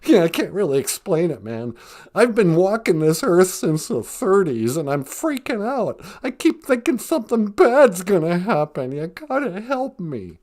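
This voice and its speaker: A man's voice: high-pitched, very animated, unhurried, darkish tone, voice pushed up. A man doing a panicky old Cowardly Lion. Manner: frantic, whiny, keeps saying "man". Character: jittery ancient male lion, panicky worrier.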